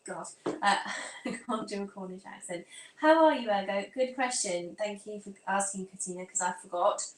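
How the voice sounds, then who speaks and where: A woman's voice: mid-range voice, normal speed. A woman from England with a near-standard southern English accent, hosting a casual live stream from home. She chats to viewers while fiddling with her phone and laptop, scattered and talking to herself. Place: room at home. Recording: echoey room with faint ambience.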